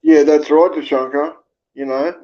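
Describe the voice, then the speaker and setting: A man's voice: fairly high pitch, steady tone, moderate pace, muffled recording. A man with an Australian accent hosting a casual livestream, rambling with lots of fillers and swearing freely as he reads viewer comments. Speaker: livestream host.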